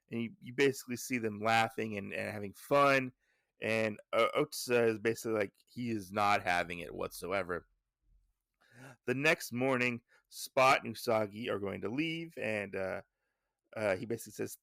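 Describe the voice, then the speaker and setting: A man's voice: lowish voice, moderate pace, gravelly, a bit bright, no room sound, clean studio sound. A man hosting a podcast, recapping a comic in a casual, rambling way with fillers and self-corrections. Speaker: podcast host.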